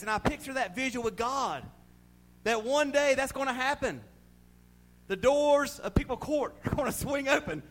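A male pastor with a Southern US accent preaching a sermon, swinging from shouted proclamation to quiet, confiding asides. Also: very high-pitched, animated, a little slow, long pauses.

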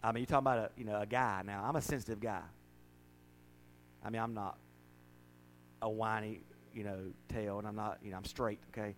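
A man's voice: on the low side, steady tone, a little fast, long pauses, rough recording. Middle-aged man preaching, folksy and emotional with bursts of laughter, faint hum under the voice. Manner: folksy, emotional, with laughs and sudden loud rises. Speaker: pastor. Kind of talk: sermon.

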